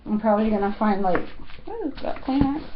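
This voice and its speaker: A woman's voice: mid-range voice, expressive, brisk, muffled recording, a little hiss or hum. A woman in her thirties chatting casually to her viewers, giggly and full of fillers. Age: 30s. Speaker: fashion vlogger. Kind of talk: casual chat.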